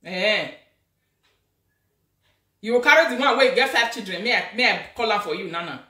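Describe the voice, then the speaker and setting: A woman's voice: medium pitch, moderate pace, distant mic. Emphatic Nigerian woman ranting on a live stream. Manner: animated, scolding, emphatic. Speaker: social media influencer hosting a live video. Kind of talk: casual live-stream rant. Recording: echoey room, away from the mic.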